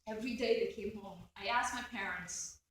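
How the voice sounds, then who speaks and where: A woman's voice: medium pitch, brisk, a bit bright, far from the mic, slight background noise. A woman in her forties from South Korea, giving a formal hearing statement as a judicial nominee, earnest and laughing now and then at her own stories. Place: hearing room. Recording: echoey room, picked up from afar.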